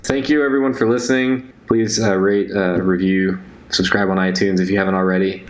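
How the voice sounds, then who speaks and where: A man co-hosting a podcast in casual chat, self-deprecating and quick to laugh. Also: low-pitched, level tone, a little hiss or hum. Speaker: podcast co-host.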